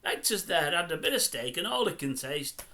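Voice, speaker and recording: A man's voice: on the high side, very animated, normal speed, pushed and bright. An older man grumbling and mocking in a chatty celebrity commentary video. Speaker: YouTube commentator.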